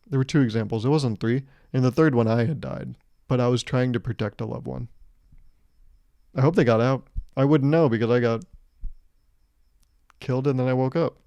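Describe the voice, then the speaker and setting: A man's voice: medium pitch, moderate pace, gravelly, pauses often, dark tone, no room sound. A man in his twenties hosting a solo podcast, rambling and joking, acting out quotes as he mocks himself. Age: 20s. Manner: rambling, joking, self-mocking with acted-out quotes. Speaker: podcast host. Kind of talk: casual solo podcast monologue.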